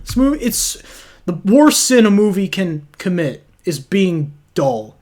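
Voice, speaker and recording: A man's voice: high-pitched, very animated, unhurried, darkish tone. A man casually reviewing movies, blunt and opinionated, swearing freely as he rants. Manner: blunt, profane, opinionated ranting.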